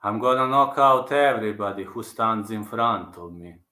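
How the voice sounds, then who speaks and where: A man doing an impression of a calm male fighter, speaking slowly in a measured, deadpan way. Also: fairly low pitch, a little hiss or hum, pitched below the performer's own voice. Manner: slow, measured, deadpan delivery. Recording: roomy echo.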